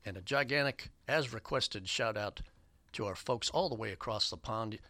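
An upbeat radio DJ reads out long lists of listener shout-outs, stumbling through fillers. His voice sits fairly low but comes across bright and forceful. The studio mic gives a close, dry sound. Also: moderate pace, no room sound. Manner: upbeat, rambling with many fillers. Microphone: studio microphone.

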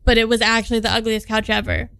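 Easygoing woman co-host, smooth clear voice, dry close mic. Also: on the high side, level tone, fast, a bit bright, no room sound, rough recording. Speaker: podcast co-host. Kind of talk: casual chat.

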